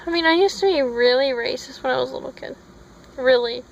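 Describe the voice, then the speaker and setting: A woman's voice: high voice, brisk, creaky, low-quality recording. A woman tells a long, rambling story for her vlog, wandering off on tangents and stopping to correct herself. She is recorded on a phone, with a faint hum of noise underneath. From Minnesota. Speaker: vlogger.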